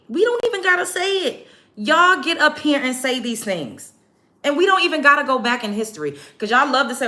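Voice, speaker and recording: A woman's voice: high voice, lively intonation, brisk, pushed and bright. A woman ranting bluntly and sarcastically to camera while getting ready, with a Black American English accent and frequent profanity. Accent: African American English. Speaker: vlogger. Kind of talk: get-ready-with-me rant to camera.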